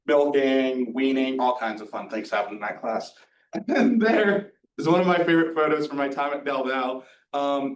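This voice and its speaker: Young man talking casually in an echoey room. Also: mid-range voice. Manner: informal, chatty, lots of ums and asides. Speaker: student presenter at a career night. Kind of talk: casual slideshow presentation. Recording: echoey room, distant mic.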